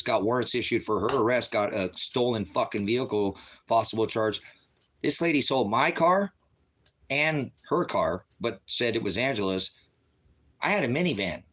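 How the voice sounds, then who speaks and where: A man's voice: mid-range voice, fairly bright tone. A man ranting angrily and profanely to viewers, retelling conversations in quotes. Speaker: ministry vlogger. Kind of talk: angry rant to viewers.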